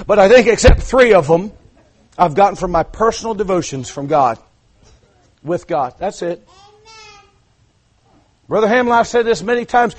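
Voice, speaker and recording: A man preaching an impassioned sermon, dropping to hushed asides and then building to shouted climaxes. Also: sits high. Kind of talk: revival sermon.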